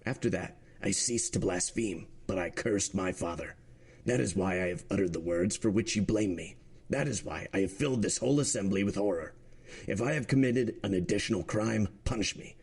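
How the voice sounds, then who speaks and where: A man's voice: lowish voice, moderate pace, a little mellow, slightly rough. Man doing a bitter young criminal on trial. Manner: bitter, defiant. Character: bitter young male criminal defending himself in court.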